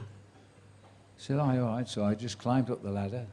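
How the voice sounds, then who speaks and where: A sports commentator in his seventies tells career anecdotes to a live audience, a chatty raconteur with dry wit who acts out quoted voices. His mid-range voice has a dark tone, fairly even intonation and a moderate pace.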